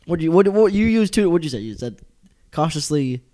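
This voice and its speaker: A young man with a loud voice and a slightly high pitch, talking wrestling in a casual podcast. He laughs a lot, argues playfully and gets worked up. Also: fairly quick. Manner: animated, laughs often, teasing and argumentative. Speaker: podcast co-host.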